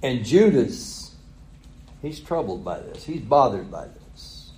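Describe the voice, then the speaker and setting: A man's voice: mid-range voice, very animated, slow pace, mellow, roomy sound, low-quality recording. A man preaching a sermon, retelling a story with chuckles and rhetorical questions. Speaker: pastor.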